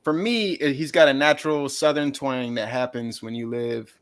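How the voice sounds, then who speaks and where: A man's voice: medium pitch, normal speed, clean tone. A man co-hosting a music review show, rambling and hesitant in casual chat.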